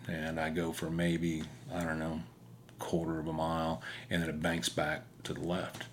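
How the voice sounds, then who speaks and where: A man's voice: extremely low pitch, completely flat delivery, moderate pace, slight background noise. A middle-aged man from Kansas telling a personal faith story in an earnest, rambling way with many fillers. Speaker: motorcycle rider giving testimony.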